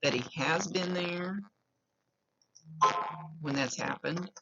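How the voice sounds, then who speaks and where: A woman's voice: lowish voice, slow, gravelly, fairly bright tone, a little hiss or hum. A woman psychic medium with a slight lisp, giving an earnest, reassuring reading and repeating key phrases. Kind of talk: giving a spoken reading to a client. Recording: dull lo-fi recording.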